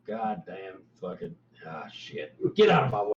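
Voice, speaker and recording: A man's voice: lowish voice, sing-song, a little slow, distant mic, muffled recording, voice pushed down. A man doing a foul-mouthed grumpy bugbear. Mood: irritated. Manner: cursing, snappish.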